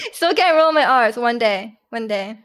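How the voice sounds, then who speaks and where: Brief: young woman streamer, high bright pitch, chatty and giggly, loose casual delivery. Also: sing-song, a little slow, smooth. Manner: chatty, giggly, many restarts and "like". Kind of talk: casual chat reading viewer comments.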